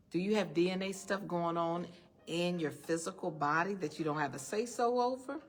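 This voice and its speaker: Her voice sits fairly low and has a fairly bright tone. In an event room before an audience, both present and online, she gives a forceful faith-driven pep talk, peppering it with rhetorical questions and addressing people as "honey."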